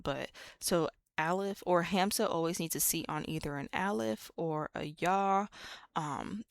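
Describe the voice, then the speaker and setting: An American woman leads a casual lesson in a low, unhurried voice. She repeats each sound patiently and drops chatty, playful asides. The recording is dry and close. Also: no room sound. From United States. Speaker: language teacher.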